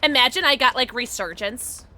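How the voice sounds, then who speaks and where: A young woman live-streams a game, giggling, getting excited, chatting with her viewers, and squealing at what happens on screen. Her voice sits high at a normal speed, with a noisy background.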